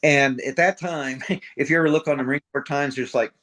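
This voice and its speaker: A middle-aged retired Marine sergeant major from middle America, telling war stories in a blunt, profane way and acting out the dialogue. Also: male voice, medium pitch, steady tone, a little fast, a bit bright. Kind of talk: casual storytelling interview.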